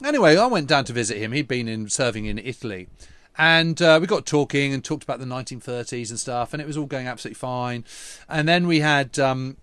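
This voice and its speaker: An earnest man recounting a story in casual podcast chat, his voice sitting at an ordinary middle pitch. The sound is close and dry, with no room echo. He talks with emphasis and feeling. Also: lively intonation, quick pace, fairly bright tone, smooth. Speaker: historian and podcast co-host. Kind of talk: conversational anecdote.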